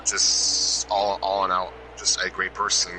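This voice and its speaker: A man giving an emotional hall of fame induction speech, halting and restarting as he loses his train of thought. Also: low-pitched, monotone. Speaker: inductee presenter. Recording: loud background noise.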